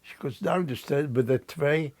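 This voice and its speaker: An older man recounting memories in an interview, telling his story in a slow, halting way with frequent restarts. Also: fairly high pitch, a little mellow.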